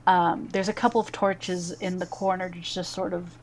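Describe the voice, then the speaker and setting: A woman narrating a tabletop game as game master, describing scenes in a halting way with frequent pauses. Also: on the low side, level tone, a little hiss or hum. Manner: halting, many fillers and restarts while describing scenes.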